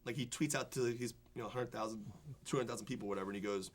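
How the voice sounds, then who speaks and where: A young man, a film critic, telling an animated story in a studio interview, full of fillers and restarts. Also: medium pitch, very fast. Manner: excited, rambling anecdotes full of fillers and restarts. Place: television studio before a student audience.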